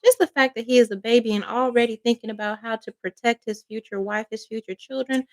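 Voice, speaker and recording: A woman's voice: on the high side, steady tone, fast talker. Fervent woman giving a tarot reading. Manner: emphatic, with frequent check-ins like "all right?" and "okay?"; emotional, fervent. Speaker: psychic tarot reader.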